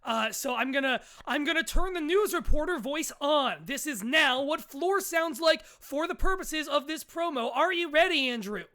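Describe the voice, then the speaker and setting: A co-host doing casual live commentary, excitable, laughing often and stumbling over words. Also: high voice, moderate pace, hardly any pauses. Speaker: co-host of a tournament stream.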